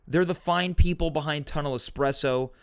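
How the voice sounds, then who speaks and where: A man hosting a casual solo livestream Q&A from home, talking in an animated, rambling, self-deprecating way. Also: fairly high pitch, normal speed, creaky, clean tone. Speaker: talk show host.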